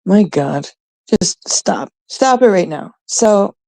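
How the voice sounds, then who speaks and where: Gravelly, sarcastic woman ranting on stream. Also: mid-range voice, lively intonation, slow, darkish tone, no echo. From Canada. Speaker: livestream host. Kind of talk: casual livestream chat.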